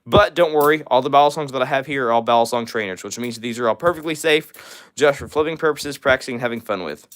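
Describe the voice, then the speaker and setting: A young man from Missouri hosting a livestream, rapidly reading and answering viewer comments with lots of fillers. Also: mid-range voice, a bit bright. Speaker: livestream host. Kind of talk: fast live chat reading.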